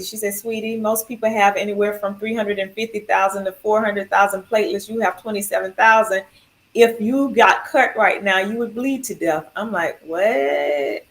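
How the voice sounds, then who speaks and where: Woman host, casual storytelling, lively quoted dialogue, frequent laughs. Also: medium pitch. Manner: animated, acts out quoted dialogue, laughs often. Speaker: cancer survivor sharing her story.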